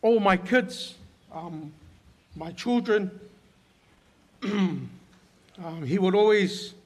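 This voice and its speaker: A man giving a heartfelt eulogy at a funeral service, telling stories haltingly with many pauses. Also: high-pitched, expressive. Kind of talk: emotional eulogy. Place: church service hall.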